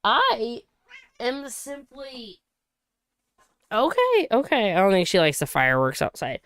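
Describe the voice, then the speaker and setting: A woman from Saint Louis hosting a casual livestream, chatty and quick to laugh and cheer, on a close home mic. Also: mid-range voice, wildly swooping pitch, fairly bright tone, no echo. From Saint Louis, USA. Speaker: livestream host.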